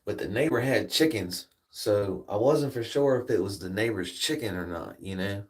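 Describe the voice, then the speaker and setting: A man with a drawl holds court on his own livestream, rambling loosely from one tale to the next and swearing without a second thought. His voice sits on the low side and sounds a bit distant from the mic, as if he's talking to a phone set up a few feet away outside at night. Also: expressive, normal speed. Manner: laid-back rambling storyteller, swears freely. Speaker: livestream host. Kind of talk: casual livestream chat.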